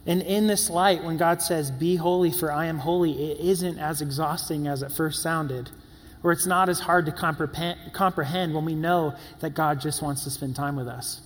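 Young male preacher with a higher voice, echoing hall. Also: steady tone, normal speed. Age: 20s. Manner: conversational, with filler words and playful asides. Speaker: pastor. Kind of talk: sermon.

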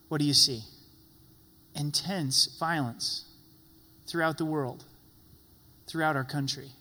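Male pastor, earnest sermon delivery, bright tone, reverberant sanctuary sound. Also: on the high side. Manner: earnest preaching, voicing prayers as questions to God.

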